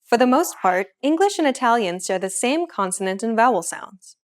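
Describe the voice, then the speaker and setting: Lady teacher walking thru pronunciation, clear upbeat scripted read. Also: on the high side, animated, normal speed. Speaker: language teacher narrator. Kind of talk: scripted lesson narration.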